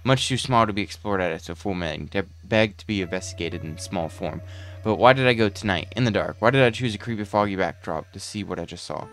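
A man's voice: low voice, a little fast, faint music behind. A man voicing a frightened father as he reads a journal from a game aloud, brooding and dramatic.

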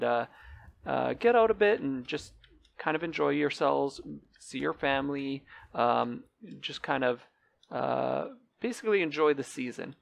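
A man's voice: a little high, gravelly. A man giving casual, rambling gameplay commentary as he tours a game server, with many ums and uhs. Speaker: Minecraft server let's-player.

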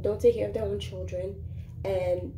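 A woman vlogger giving sassy, animated opinion commentary to the camera in a casual way. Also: medium pitch, moderate pace. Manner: sassy, animated, talks back to the subject. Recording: roomy echo with faint background noise.

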